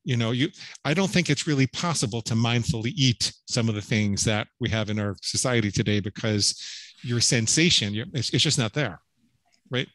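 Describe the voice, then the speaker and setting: A middle-aged man speaks as a podcast guest, earnest and emphatic as he works through his story. His voice sits at an ordinary male pitch and is recorded close and dry, with no room around it. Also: normal speed, fairly bright tone, no echo, rough recording. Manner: earnest, emphatic, with frequent restarts and "right?" tags. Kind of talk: storytelling interview talk.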